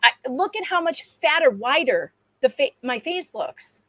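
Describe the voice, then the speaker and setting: A woman's voice: sits high, sing-song, measured pace, fairly bright tone, no echo, rough recording. A woman chatting as a guest on a livestream, self-deprecating and laughing often. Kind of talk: casual livestream chat.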